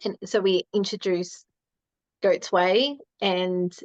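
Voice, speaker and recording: A woman's voice: fairly low pitch, fairly even intonation, takes it slowly, no room sound. Chatty woman on a dull, dry mic. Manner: chatty, lots of "um" and "like", laughs often. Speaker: guest. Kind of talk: casual storytelling.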